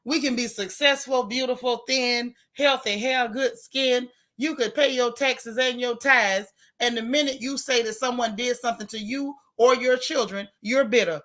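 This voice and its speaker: Fired-up woman doing a live stream, bright punchy voice, repeats herself for emphasis. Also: on the high side, moderate pace, hardly any pauses. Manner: animated, outspoken, emphatic repetition. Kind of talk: casual live-stream commentary reading chat.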